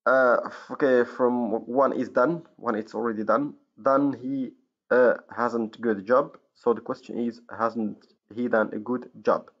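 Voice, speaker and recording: A man's voice: medium pitch, fairly even intonation, a little slow. Hesitant male teacher from Morocco. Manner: hesitant, many fillers and self-corrections. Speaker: English teacher. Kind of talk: recorded grammar lesson. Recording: dull lo-fi recording.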